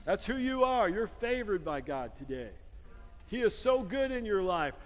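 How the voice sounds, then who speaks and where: Male pastor, high voice, preaching in a church hall with a long echo and soft guitar underneath. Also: big pitch swings, normal speed. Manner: storytelling with laughs, rising to loud prayer. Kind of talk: sermon. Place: church sanctuary.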